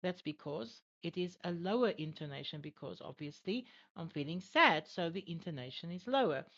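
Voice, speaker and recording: A woman's voice: lowish voice, animated, normal speed, a bit bright. A woman acting as an IELTS examiner and tutor in an online English lesson, encouraging and full of "all right" and "okay". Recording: dull lo-fi audio.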